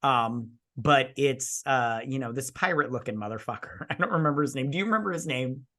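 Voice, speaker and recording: A young man rambles through a long anecdote on a casual review podcast, swearing freely and slipping into quick impressions of the people in it. His voice sits in an ordinary middle range. He spins his tale with loose, chatty energy. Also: medium pitch, pushed and bright. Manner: rambling storyteller, swears a lot, mimics voices. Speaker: podcast co-host. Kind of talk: casual drunk movie-review chat.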